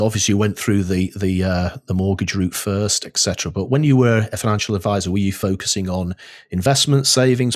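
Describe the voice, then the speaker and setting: An English man hosting a podcast interview over a video call from home, chatty and lively. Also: on the low side. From England. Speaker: podcast host. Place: home, on a windy day.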